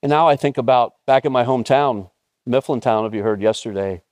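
A man in his fifties preaching a conversational, storytelling sermon with bursts of excitement. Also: mid-range voice, brisk, dry recording, studio quality. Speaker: pastor.

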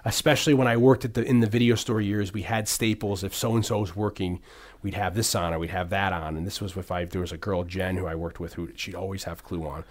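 A man's voice: low-pitched, steady tone, fairly quick. A middle-aged man hosting a podcast, chatting casually about movies, rambling with many restarts and fillers. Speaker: podcast host.

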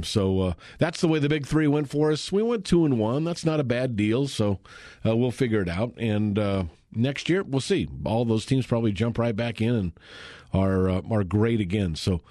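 Brief: male radio sports host, mid-pitched, upbeat chat, dry close studio sound. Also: a little mellow, dry recording. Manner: chatty, enthusiastic, many fillers. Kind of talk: live sports radio talk. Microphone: studio microphone.

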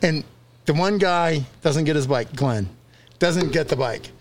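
A man's voice: on the high side, a little slow. A man telling a childhood story in casual conversation, laughing often and acting out the voices of the people in it. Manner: animated, laughing through his story, acts out quotes.

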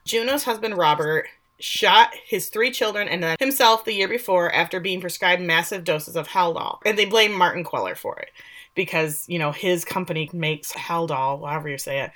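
A woman's voice: lowish voice, normal speed, fairly bright tone. A woman co-hosting a podcast, casually recapping episodes and quoting the characters with animation. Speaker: podcast co-host.

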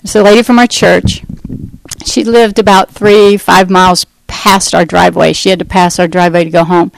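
A middle-aged woman telling her personal testimony in an earnest, conversational way, pausing and restarting as she goes. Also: lowish voice, little pitch movement, vocal fry, dry recording, rough recording. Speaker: speaker giving a testimony.

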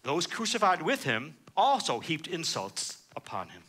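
Lively, bright-voiced male preacher. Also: a little high, unhurried, husky. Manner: expository preaching with frequent "uh" fillers; reads scripture aloud then explains it. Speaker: pastor. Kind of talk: sermon.

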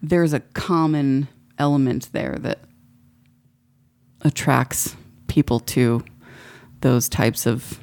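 A woman's voice: extremely low pitch, takes it slowly, gravelly, pauses often, a little mellow. A woman in casual chat, rambling and swearing freely. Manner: rambling, frequent profanity.

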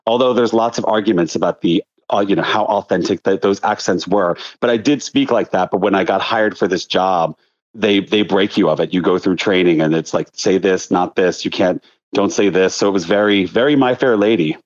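A man's voice: low voice, fairly quick. A man in his thirties from the Philadelphia area, a choreographer chatting as an interview guest, telling stories animatedly with many restarts. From Delaware County outside Philadelphia, USA. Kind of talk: casual interview chat. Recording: dull lo-fi recording.

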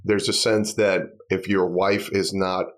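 A man with a very low, deep voice talks earnestly on a podcast. He rambles a little, heartfelt and sincere, in relaxed conversation. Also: measured pace. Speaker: podcast guest and worship singer. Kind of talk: casual chat.

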